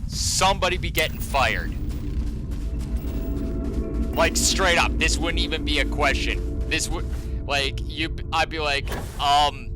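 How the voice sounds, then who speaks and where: Slow, sarcastic ranting male streamer. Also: fairly high pitch, music in the background. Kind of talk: ranting live game stream.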